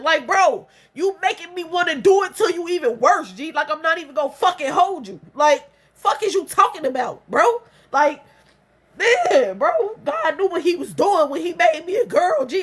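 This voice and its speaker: High-voiced woman venting bluntly. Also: lively intonation, moderate pace, a bit bright. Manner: blunt, profane, repeats herself. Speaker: vlogger. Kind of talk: emotional venting monologue.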